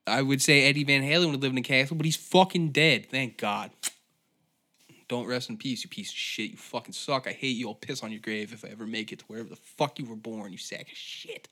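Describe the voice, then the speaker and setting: A man's voice: mid-range voice, a little fast, sharp tone. A man hosting a comedy podcast, ranting sardonically with heavy profanity.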